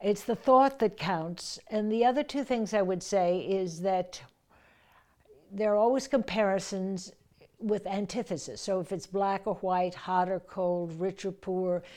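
A woman's voice: mid-range voice, fairly even intonation, measured pace, mellow. A woman voice coach explaining how to breathe through verse lines, now and then reading lines aloud with force. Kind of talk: teaching verse speaking with readings.

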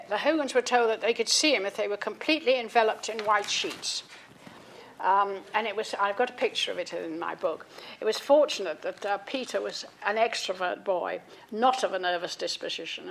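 An older woman with a gravelly, fry-edged voice gives a public talk and reads aloud from her own book. Between passages she breaks off with ums and false starts. Her pitch sits in an ordinary middle range. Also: slight background noise. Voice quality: frequent ums and restarts between readings. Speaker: author giving a talk.

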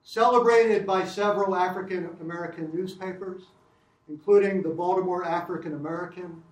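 An older man reading a prepared lecture in a measured academic way, with occasional restarts. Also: high voice, fairly even intonation, reverberant, distant mic, poor audio.

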